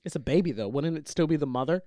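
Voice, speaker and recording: A man's voice: fairly high pitch, lively intonation, quick pace, warm tone, no room sound, clean studio sound. A young man co-hosting a casual comedy podcast, joking around, laughing often and slipping into silly voices. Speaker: podcast co-host.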